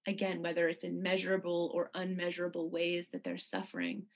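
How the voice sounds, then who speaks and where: Woman, physician guest, husky tone, measured and earnest delivery. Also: fairly low pitch. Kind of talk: conversational podcast talk.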